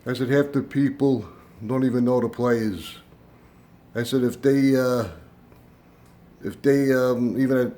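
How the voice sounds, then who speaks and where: An older man hosting his own channel, telling a long story in a casual, meandering monologue full of fillers and retold dialogue. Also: mid-range voice. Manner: meandering storytelling with fillers, voice rising into animated retelling. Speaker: YouTube channel host. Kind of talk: casual rambling monologue to camera.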